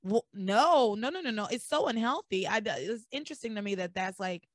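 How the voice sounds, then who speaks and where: A woman hosting a podcast, recapping episodes in a blunt, animated way with some swearing. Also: mid-range voice, brisk, no echo, studio quality. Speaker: podcast host. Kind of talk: casual recap chat.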